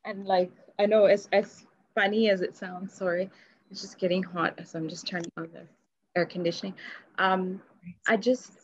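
A woman's voice: mid-range voice, flat delivery, moderate pace. Woman guest, rambling and laugh-prone, home audio with a dull muffled sound. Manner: rambling, laughs often, many fillers. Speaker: podcast guest. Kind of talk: candid conversational interview.

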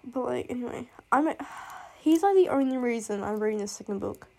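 A woman's voice: a little high, lively intonation, brisk, gravelly, mellow. A woman chatting casually about books she loves and hates. She rambles and gushes, swears freely, and breaks into laughs and sighs. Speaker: booktuber reviewing fictional love interests. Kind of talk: casual chat.

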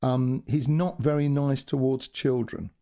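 A man's voice: medium pitch, fairly even intonation, measured pace, dark tone, lightly acted. A man voicing a flustered young male language teacher who stammers and hesitates. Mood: struggling.

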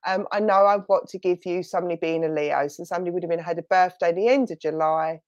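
A woman's voice: lowish voice, fast talker, darkish tone, no echo, dull audio. A middle-aged woman with a London and Essex accent giving a chatty, rambling mediumship reading and passing on messages from spirit. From southern England.

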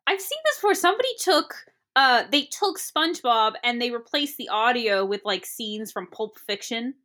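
A woman's voice: fairly high pitch, animated, moderate pace, pushed and bright. A woman in casual podcast chat about a film, giggling often, using lots of filler words and trailing off.

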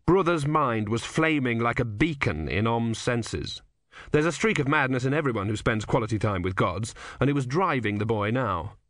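A man reading an audiobook in a measured, wry storytelling manner. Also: mid-range voice, expressive, fairly bright tone, no echo, studio quality. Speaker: audiobook narrator. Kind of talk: scripted narration.

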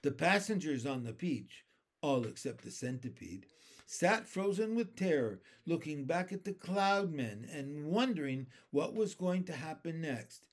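A man reading a children's novel aloud, deliberate and expressive. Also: a little high. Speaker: storyteller.

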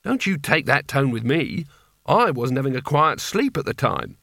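A man voicing a sharp-tongued young woman warrior who speaks bluntly and sounds exasperated. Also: medium pitch, sing-song, normal speed, gravelly, dry recording, studio quality, exaggerated voice.

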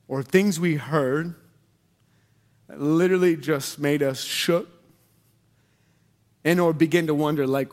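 A man preaching a sermon, telling personal stories in an animated, conversational way and asking the audience questions. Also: on the high side. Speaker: pastor.

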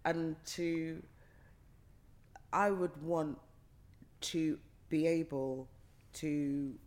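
A woman's voice: sits low, fairly even intonation, drawn-out words, darkish tone. Passionate middle-aged woman, emphatic guest. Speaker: actor guest. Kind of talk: casual interview chat.

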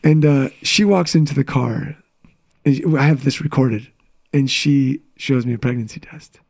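Gravelly man telling a candid story. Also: medium pitch, darkish tone. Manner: candid, storytelling, quick asides. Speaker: guest, business coach. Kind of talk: casual interview chat.

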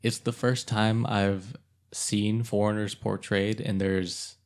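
A man's voice: on the low side, level tone, slow pace. A young man co-hosting a casual podcast chat, often chiming in with agreement. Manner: agreeable, frequent backchannel "yeah". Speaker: podcast co-host.

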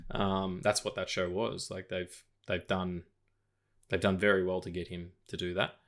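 A man's voice: low-pitched, little pitch movement, normal speed, creaky, a bit bright. A man, co-hosting a casual film podcast, rambling with lots of fillers and restarts. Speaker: podcast co-host.

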